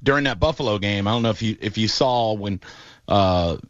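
A man hosting casual sports talk, animated and quick to mock what he retells. The sound is slightly dull and muffled, with a dry, close feel and no room echo. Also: lowish voice. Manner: animated storyteller, mocking voices in quotes. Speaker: podcast host.

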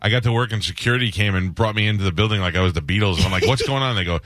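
A man's voice: sits low, fairly even intonation, very fast, fairly bright tone, dry recording. A male radio host chatting casually and joking with his guest. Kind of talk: casual chat.

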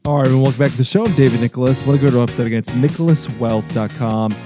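A middle-aged man hosting a radio talk show, pitching his services in an earnest, repetitive, salesy way. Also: racing, music in the background. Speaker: radio show host and financial advisor.

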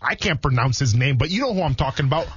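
A man's voice: mid-range voice, expressive, fast talker, fairly bright tone, dull audio, a little hiss or hum, natural voice. A man voicing a folksy male sports fan from Wisconsin, with a drawling, exaggerated Wisconsin accent. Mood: hearty.

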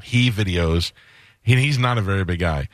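A man's voice: low voice, normal speed, no echo, studio quality. A man hosting a radio show, chatting casually and telling rambling stories, acting out the voices of the people he quotes.

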